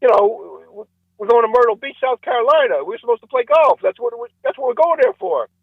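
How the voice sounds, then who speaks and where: A man voicing outraged, golf-mad middle-aged men who sound loud and indignant. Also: very high voice, sing-song, fairly quick, gravelly, dry recording, phone-quality sound, pitched above the performer's own voice, heavily acted.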